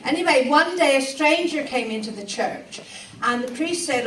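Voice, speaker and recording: A high-voiced woman with a Cornish accent tells stories in a chatty, laughing way. Her voice rings through an echoey room, picked up from well away from the mic on old archive footage. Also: expressive, normal speed, a bit bright, far from the mic, a little hiss or hum. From Cornwall. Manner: chatty, laughing between anecdotes. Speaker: storyteller. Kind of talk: live storytelling.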